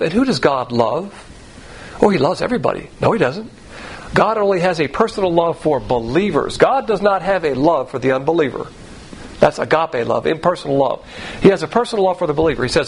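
A man's voice: fairly high pitch, lively intonation, fairly quick, creaky, slightly rough, poor audio. A man teaching the Bible verse by verse in a blunt, folksy way, full of rhetorical questions and acted-out quotes. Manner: acts out quoted voices.

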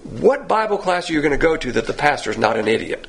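A man with a Southern accent, a pastor teaching a Bible class in a blunt, self-deprecating, folksy way, his voice hoarse at times. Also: a little high, big pitch swings, fast talker. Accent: Southern American. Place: church classroom.

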